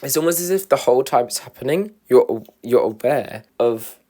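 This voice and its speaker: Young man, student, casual vlog monologue, rambling, self-deprecating, mid-pitched voice. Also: expressive, moderate pace, warm tone. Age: young adult, a student. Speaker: vlogger.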